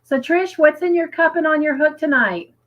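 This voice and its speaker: A woman's voice: high voice, moderate pace, low-quality recording. A woman co-hosting a crafting livestream, chatting casually and reading viewer comments aloud, with frequent giggles. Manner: chatty and giggly, lingers on stories.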